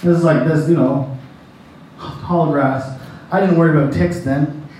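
A man's voice: a little high, steady tone, measured pace, darkish tone, a little hiss or hum. A man preaching a sermon who tells a personal story in a rambling, folksy way and laughs at his own jokes. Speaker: pastor. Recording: echoey hall, distant mic.

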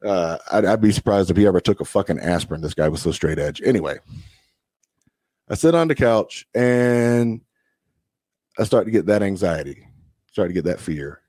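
A man's voice: low-pitched, normal speed, long pauses, darkish tone, no room sound. Profane, storytelling young man, dry sound. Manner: profane, drawling anecdotes with acted-out quotes. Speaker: podcast co-host. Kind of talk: casual storytelling chat.

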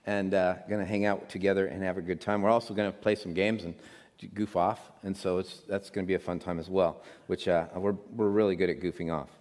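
A man's voice: sits low, level tone, fairly quick, darkish tone. A middle-aged man, a pastor, preaching a sermon in a casual, rambling way with many restarts. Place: church sanctuary. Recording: long hall reverb.

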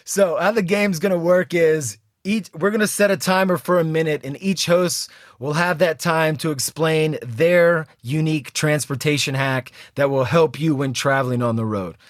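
A young man co-hosting a podcast, telling a travel story in a casual, animated way and laughing often. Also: on the high side, normal speed, few pauses, no room sound, studio quality. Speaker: podcast co-host.

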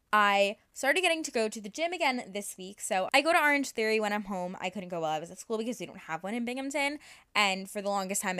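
Host: young woman, bubbly, casual chat, mid-pitched voice. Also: fairly bright tone. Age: young adult. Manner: bubbly, fillers like "like". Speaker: podcast host.

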